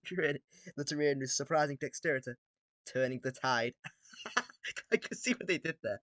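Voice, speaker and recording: A man's voice: a little high, no echo. Man reading aloud, stumbling over words. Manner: stumbling over words, self-mocking asides. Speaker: reader of an AI-written battle story. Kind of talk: casual read-aloud commentary.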